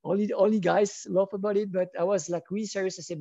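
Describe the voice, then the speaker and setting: A man chats through a rambling, enthusiastic story, often restarting mid-sentence. His voice is warm and mellow. The audio is dry and a bit dull and lo-fi. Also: high-pitched, fairly even intonation, fast, creaky, no room sound. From France. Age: 40s. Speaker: wedding photographer, guest. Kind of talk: casual interview chat.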